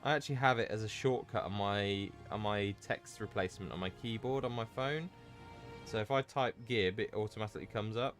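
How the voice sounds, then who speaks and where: A man's voice: fairly low pitch, brisk, fairly bright tone, soft background music. A man streaming a game, chatting casually with viewers in a self-mocking way and swearing freely. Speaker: gaming streamer. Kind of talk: casual live-stream chat.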